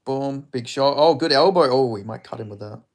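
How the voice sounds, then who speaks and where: A man hosting a live fight watch-along, giving casual, profane commentary with sudden excited outbursts. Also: mid-range voice, fairly quick. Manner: excitable, swearing, bursts into loud reactions.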